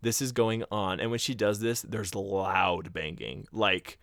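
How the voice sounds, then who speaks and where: A man's voice: on the low side, fairly even intonation, unhurried, creaky, a bit bright, no room sound, clean studio sound. Man retelling a spooky story. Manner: retells a scary story, acting out quotes, laughing, swearing. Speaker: podcast co-host. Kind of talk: casual storytelling chat.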